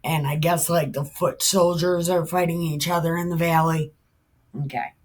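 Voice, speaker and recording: A woman's voice: low voice, flat delivery, normal speed. A woman retelling a Bible story in a casual, irreverent way, full of profanity and asides. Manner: profane, laughing, chatty.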